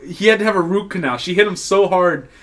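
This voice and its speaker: A man co-hosting a podcast, telling crude stories in rambling casual banter, laughing often and loudly acting out the people he quotes. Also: sits high, quick pace. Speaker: podcast co-host.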